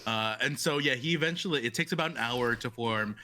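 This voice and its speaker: A man's voice: medium pitch, brisk, bright, forceful tone, soft background music. A young man playing in a tabletop game, describing his character's actions with many fillers and restarts. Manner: rambling, lots of fillers. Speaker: player.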